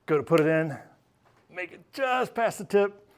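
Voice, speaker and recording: A man's voice: high voice, lively intonation, normal speed, smooth. A man telling a candid, self-mocking personal story on stage at a live storytelling event, laughing as he goes.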